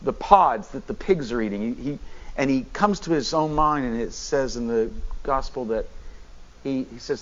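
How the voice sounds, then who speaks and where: A man, a bishop, preaching a sermon in an animated way, often restarting and repeating words as he goes. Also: medium pitch, normal speed, highs cut off.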